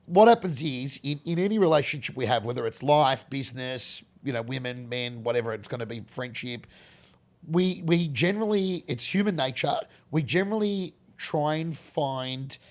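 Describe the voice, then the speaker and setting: A middle-aged Australian man, a guest in a casual interview, telling rambling animated stories with many restarts. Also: medium pitch, moderate pace.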